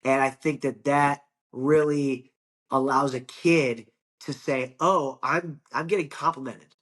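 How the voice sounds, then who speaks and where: A man's voice: medium pitch, fairly even intonation, takes it slowly, a bit bright. A young man from Ohio, a wrestling coach, talking earnestly in a casual podcast chat, often repeating words and swearing freely. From Ohio, United States.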